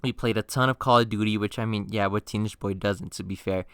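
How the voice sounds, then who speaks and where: A young man telling funny stories on his channel in a slangy, swearing casual style, with bursts of mock-outraged yelling. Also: lowish voice, fairly even intonation, quick pace, smooth, no echo, clean studio sound. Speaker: storytime youtuber. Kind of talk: casual storytime narration.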